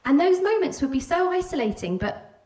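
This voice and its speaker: A woman's voice: extremely high pitch, normal speed. Welsh-border woman telling a candid story. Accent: Welsh border English. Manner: candid, animated, acts out quoted voices. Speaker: stage speaker telling a personal story. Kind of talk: live personal storytelling talk. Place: stage before an audience. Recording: roomy hall, voice from a distance.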